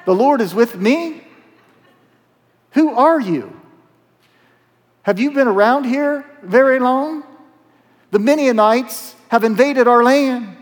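Man putting on a high, sarcastic young farmer, doubting and timid, in a reverberant hall. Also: animated, slow. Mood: incredulous. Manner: sarcastic, disbelieving.

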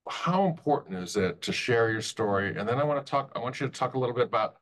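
A man hosting a podcast, asking a guest measured, thoughtful questions. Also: mid-range voice, fairly bright tone. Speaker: podcast host. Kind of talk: interview questions.

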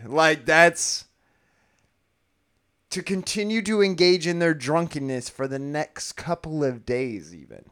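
A man co-hosting a casual discussion podcast, rambling and animated, laughing often as he talks things through. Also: a little high, slow pace, pauses often, clean tone. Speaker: podcast co-host.

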